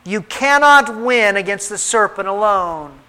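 A man voicing an old king and father who speaks gravely and tenderly in a storybook reading. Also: high-pitched, lively intonation, measured pace, pushed and bright, heavily acted, low-quality recording.

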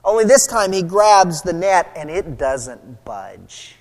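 Man, preacher, high voice, lively storytelling sermon, long hall reverb. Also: a little slow. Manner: animated storytelling, acting out quoted voices.

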